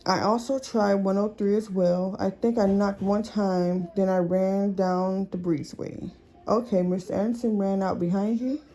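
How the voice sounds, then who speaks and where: Halting woman in a recorded interview. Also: mid-range voice, fairly even intonation, dark tone, rough recording. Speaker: interviewee recounting a shooting.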